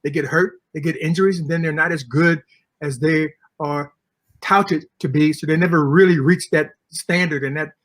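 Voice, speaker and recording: An older man with a slightly husky, higher-pitched voice tells stories with relish, acting out the people he quotes. He sounds like an interview guest at a convention. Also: moderate pace. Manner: animated storyteller acting out quotes. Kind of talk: storytelling interview. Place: comic convention.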